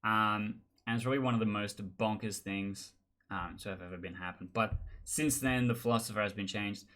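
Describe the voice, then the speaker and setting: Male host, lowish voice, casual animated storytelling, acts out other players' lines. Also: a little fast. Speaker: board game channel host.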